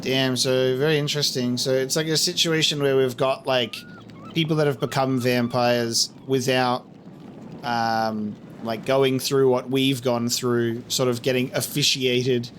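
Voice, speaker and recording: A man's voice: mid-range voice, steady tone, unhurried, a bit bright, slight background noise. A man hosting a let's play, joking playfully and reading dialogue choices theatrically. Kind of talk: gameplay commentary.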